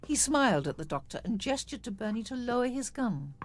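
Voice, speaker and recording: A woman narrating an audio drama in a measured, expressive storytelling manner. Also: on the high side. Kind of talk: scripted narration.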